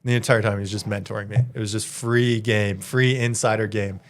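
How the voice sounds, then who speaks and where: A young man in his twenties from Canada, a podcast guest telling a story in a casual, slangy, animated way and laughing as he goes. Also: lowish voice, brisk. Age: 20s.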